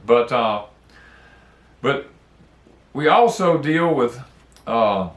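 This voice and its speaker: A man's voice: mid-range voice, animated, very slow, roomy sound. A middle-aged man talking earnestly about grief, rambling and repeating words in a folksy way. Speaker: homestead channel host. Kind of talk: casual heartfelt talk on grief. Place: porch outdoors.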